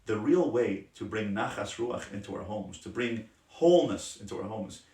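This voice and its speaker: Rabbi giving a passionate roomy lesson. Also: male voice, lowish voice, lively intonation, moderate pace, hardly any pauses. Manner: passionate, emphatic, drops to soft gentle tones. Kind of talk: Torah class on parenting. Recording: roomy sound from a distant mic.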